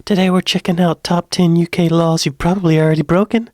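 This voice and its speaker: A man's voice: on the high side, fairly even intonation, brisk, darkish tone, no echo, clean studio sound. A man hosting a reaction video, chatting casually and joking between clips. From United States. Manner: chatty, joking asides, laughs often.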